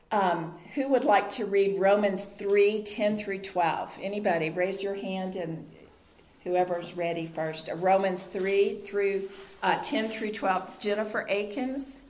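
A woman's voice: medium pitch, a little mellow. A woman teaching a Bible study group in an earnest, conversational sermon style, asking the group questions. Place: meeting room with a group. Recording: roomy echo.

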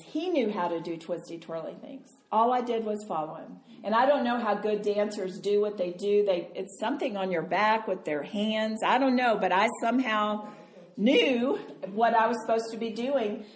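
An older woman giving a storytelling sermon as a Bible teacher, chatty and animated. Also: mid-range voice. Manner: animated, chatty storyteller who laughs often. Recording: roomy hall sound with faint noise.

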